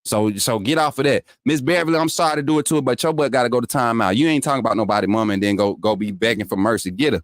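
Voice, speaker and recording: A man's voice: medium pitch, very fast, few pauses, dry recording, studio quality. A man hosting a call-in sports show, trash-talking rivals and scolding his chat with laughter. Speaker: show host. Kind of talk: casual call-in sports talk.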